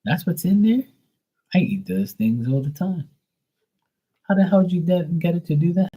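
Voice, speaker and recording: A man voicing a female pet dog, shrill and incredulous, swearing in amazement at a snack. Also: animated, normal speed, mellow, husky, poor audio. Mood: amazed.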